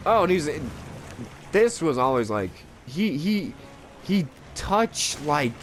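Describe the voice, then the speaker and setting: A young man with a fairly high, slow voice co-hosts a gaming video, with slight background noise in the clip. He rambles through casual, profane stories while gaming, animated throughout and louder whenever he quotes.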